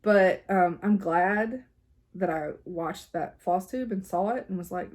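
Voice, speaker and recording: A woman's voice: medium pitch, unhurried. A woman, chatting casually as a cross-stitch vlogger at her home craft desk, rambling with lots of fillers and laughs.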